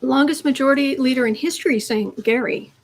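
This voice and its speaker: A woman's voice: high-pitched, a little fast. A woman tarot reader chatting on a live stream, reading viewer questions aloud and cooing to her cat between them.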